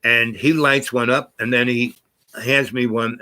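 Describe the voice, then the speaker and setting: An older man spins long, wandering anecdotes in a loose, salty way. He circles back often, stumbling over false starts and fillers, with a middle-pitched voice. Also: fairly even intonation, a little slow, pushed and bright. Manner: meandering, profane, with many fillers and restarts. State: achy and groaning from sitting too long. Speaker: storyteller. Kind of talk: rambling personal storytelling.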